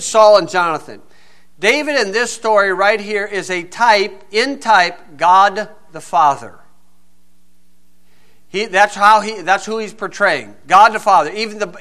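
High, bright-voiced folksy preacher man. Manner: folksy, joking, emphatic preaching. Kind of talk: sermon.

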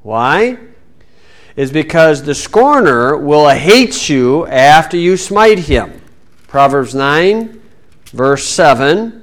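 A man's voice: on the high side, very animated, slow. Folksy man teaching scripture. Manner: folksy, sarcastic asides, mocking put-on voices. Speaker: Bible teacher. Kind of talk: sermon-style Bible teaching.

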